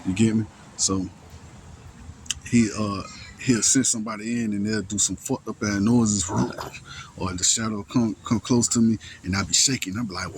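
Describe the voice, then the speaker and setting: Low-voiced man telling a rambling story. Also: steady tone, moderate pace, a little hiss or hum. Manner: rambling, with many restarts and repeated words; profane street slang, checking in with the listener. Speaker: storyteller recounting a personal ordeal. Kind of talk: casual first-person storytelling.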